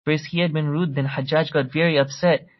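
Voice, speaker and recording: A man with a somewhat high voice delivers an earnest religious history lecture. He tells a story, recites passages in Arabic and translates them, doubling words as he restarts phrases. The recording sounds dull and lo-fi. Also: fairly even intonation, a little fast.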